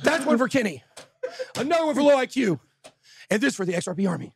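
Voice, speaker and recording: A man hosting a live show, ranting loudly and exasperated, often shouting. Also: very high voice, sing-song, quick pace, gravelly, slight background noise. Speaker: show host. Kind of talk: heated rant on a live show.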